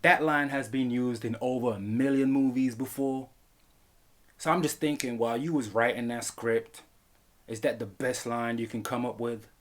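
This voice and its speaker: A man reviewing a film in a comedic vlog, animated and profane, laughing often. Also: mid-range voice, normal speed.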